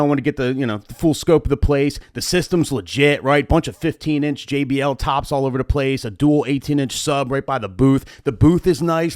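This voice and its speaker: A man, a wedding DJ and show host, telling a story in a chatty, animated, profane way into a studio mic. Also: mid-range voice, dry recording. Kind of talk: storytime monologue. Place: home streaming setup. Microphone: studio mic on boom arm. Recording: dry close studio mic.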